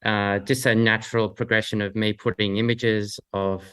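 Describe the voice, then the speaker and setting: A middle-aged Australian man talking casually as an interview guest, halting and full of restarts. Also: lowish voice, flat delivery, a bit bright, clear, resonant tone. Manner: halting, many restarts and fillers. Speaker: guest, husband.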